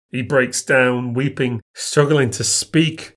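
A man reading a first-person ghost story in a measured, tense manner. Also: medium pitch, a bit bright.

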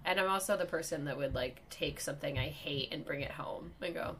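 A young woman with a New York accent telling a story on a casual podcast, animated and swearing, acting out the people in it. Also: low voice, brisk, slight background noise. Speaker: comedian guest.

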